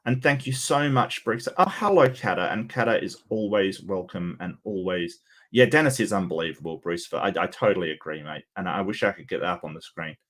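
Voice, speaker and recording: A man hosts a casual livestream and reacts to clips in a sarcastic, halting way, restarting his sentences often. His voice sits fairly low. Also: fairly bright tone. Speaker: livestream host.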